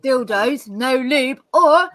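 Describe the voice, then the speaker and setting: A synthetic woman's voice that reads out the players' answers in an even, flat way. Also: high voice, slow pace, exaggerated voice. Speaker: game answer reader.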